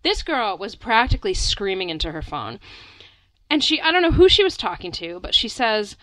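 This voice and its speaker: A young adult woman co-hosting a podcast in casual chat, talking fast and loose with lots of "like" and frequent laughs. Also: mid-range voice, big pitch swings, a bit bright, no room sound, poor audio. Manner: chatty, fillers of "like", laughs often. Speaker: podcast co-host.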